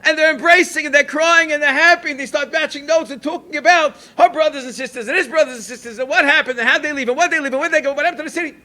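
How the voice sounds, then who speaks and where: A man with a very high, bright voice delivers a Torah lecture as a rabbi. He moves between storytelling and teaching, and he slips Yiddish and Hebrew phrases into his English. Now and then he rises to emphatic calls. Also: rapid-fire, hardly any pauses.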